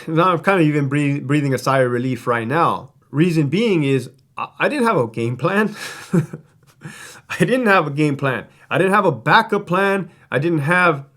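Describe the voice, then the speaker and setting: A man with a somewhat high voice tells a story from his time as a prison guard. He talks casually and bluntly, swears often and leans on fillers like "like" and "right?". When he quotes others, his voice drops lower and quieter. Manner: blunt, profane, conversational with many fillers. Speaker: former prison guard telling stories.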